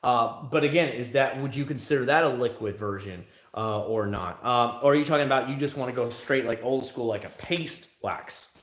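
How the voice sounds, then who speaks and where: Chatty, bright-voiced male streamer. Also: medium pitch, normal speed, few pauses, echoey room. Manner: animated, talkative, answers chat questions. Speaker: livestream host. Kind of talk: casual livestream chat.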